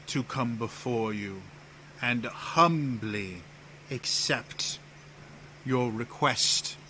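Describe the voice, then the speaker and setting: A man's voice: mid-range voice, pushed and bright, slight background noise. A man doing a pompous fawning herald. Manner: grandiose, drawn-out. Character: pompous fawning male herald, overly formal.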